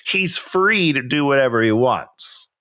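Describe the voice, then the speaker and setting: A man's voice: mid-range voice, expressive, unhurried, sharp tone. A man co-hosting a casual movie review chat, joking and laughing often as he riffs on scenes. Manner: joking, laughs often, exaggerated mock voices. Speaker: podcast co-host.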